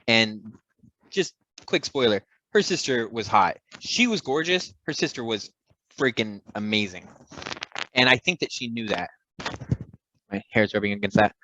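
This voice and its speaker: A man co-hosting a comedy podcast, telling a long story in loose bursts with lots of restarts and self-interruptions. His voice sits at an ordinary middle pitch, recorded close and dry. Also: pushed and bright, no echo, rough recording. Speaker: podcast co-host.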